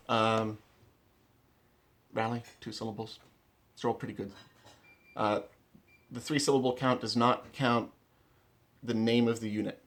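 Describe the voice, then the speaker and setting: Blunt gravelly-voiced man teaching melee. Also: medium pitch, fairly even intonation, a little slow, long pauses, a little hiss or hum. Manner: emphatic, blunt, repeats key words, restarts often. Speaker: rapier melee instructor. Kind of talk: casual instructional talk to camera. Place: at home, indoors.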